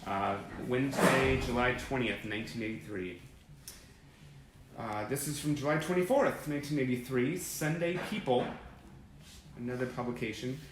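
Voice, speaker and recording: Man, fan livestream host, gushing rambling chat, roomy webcam audio, mid pitch. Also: normal speed, a little hiss or hum. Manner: enthusiastic, rambling, gushing, greeting viewers by name. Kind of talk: casual livestream chat reading old press clippings. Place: indoor room with sunlight through a window. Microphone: webcam or phone livestream.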